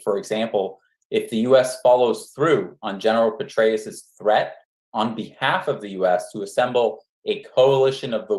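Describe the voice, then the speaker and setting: A man asking a panel earnest, deliberate questions at a forum. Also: lowish voice. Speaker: audience questioner. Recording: echoey room sound.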